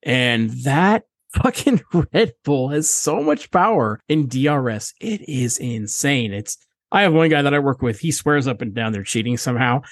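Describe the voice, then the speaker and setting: A man's voice: medium pitch, lively intonation, moderate pace, dry recording, clean studio sound. A man co-hosting a casual podcast, rambling and opinionated, swearing often. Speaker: podcast co-host. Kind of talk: casual chat.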